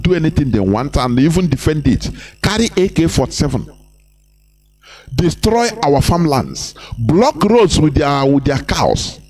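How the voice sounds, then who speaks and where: A man's voice: a little high, darkish tone. A Nigerian man giving impassioned live broadcast commentary, repeating himself and firing rhetorical questions at his listeners. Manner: preachy, repetitive, rhetorical questions, mimicking others.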